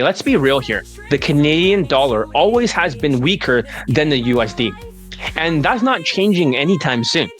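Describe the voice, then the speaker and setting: A male dating coach giving an assertive sales pitch as he answers viewer questions, and at times building into a rant. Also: fairly bright tone.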